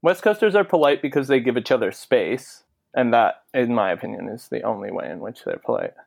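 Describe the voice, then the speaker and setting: A man's voice: medium pitch, lively intonation, a little fast, vocal fry. A man telling a long story in casual podcast chat, swearing freely and acting out the people he quotes. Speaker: podcast co-host.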